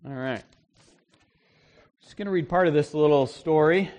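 Male pastor, higher-pitched voice, conversational and emphatic church sermon. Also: normal speed, darkish tone. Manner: conversational preaching, emphatic, acts out the people in the story. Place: church service.

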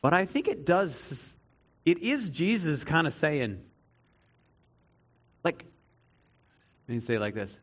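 A man preaching a sermon to a congregation, earnest, swinging between loud emphatic stretches and quiet reflective ones. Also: on the high side, big pitch swings, slow pace, pauses often, breathy edge, lo-fi sound. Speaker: pastor.

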